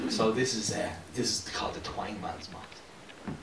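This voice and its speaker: A young man with a fairly low voice talks to a small live crowd between poems, halting and casual with plenty of fillers. He sounds distant from the mic. The room rings with echo, and a faint hiss sits underneath. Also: vocal fry. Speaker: performing poet. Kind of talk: poetry slam performance and chat with the audience. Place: small live venue with an audience.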